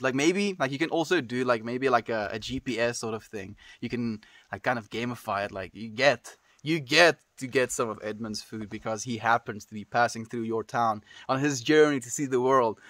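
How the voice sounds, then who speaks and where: A man's voice: medium pitch, moderate pace, a bit bright, no echo, clean studio sound. A man livestreaming from home, chatting casually with viewers and reading their messages, calling them dude and friend. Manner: laid-back, calls people dude and friend.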